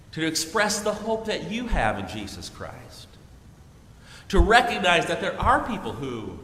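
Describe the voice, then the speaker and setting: Animated priest preaching in an echoey hall. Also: male voice, a little high. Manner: storytelling, animated, with chuckles. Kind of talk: sermon. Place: large church sanctuary. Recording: echoey hall with long reverb.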